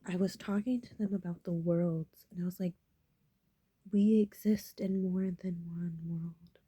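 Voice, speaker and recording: A woman vlogger musing softly in half-whispers about personal matters. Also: on the low side, fairly even intonation, unhurried, breathy edge, dry recording. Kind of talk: reflective personal talk.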